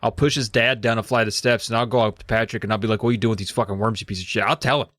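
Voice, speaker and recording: A man's voice: lowish voice, steady tone, racing, fairly bright tone, no room sound, studio quality. A man co-hosting a comedy podcast, retelling a book chapter in a jokey, swearing, playful way. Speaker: podcast co-host. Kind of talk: casual comedic book recap.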